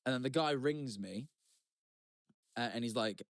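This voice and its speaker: A man's voice: mid-range voice, unhurried, no room sound, clean studio sound. A man co-hosting a podcast, telling a story in casual chat, swearing freely with rambling asides and restarts. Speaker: podcast co-host.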